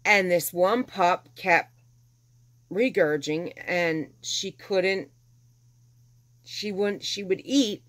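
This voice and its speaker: Middle-aged woman rambling through a story, lowish voice, does all the voices, gets real worked up. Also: very slow, pauses often. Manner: animated, acts out quoted dialogue with exasperation. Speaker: vlogger telling a personal story. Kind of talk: casual storytelling.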